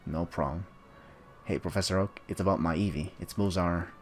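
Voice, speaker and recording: A man's voice: deep voice, steady tone, moderate pace, soft background music. A man giving casual let's-play commentary, offhand and rambling with joking asides. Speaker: gameplay commentator.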